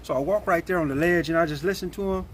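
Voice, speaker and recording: A man telling a story in a casual, animated and blunt way, with plenty of slang. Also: fairly high pitch, quick pace, slight background noise.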